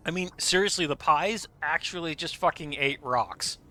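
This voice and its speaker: A man's voice: a little high, normal speed, bright, forceful tone. A man chatting casually on his live game stream, laughing often and swearing freely.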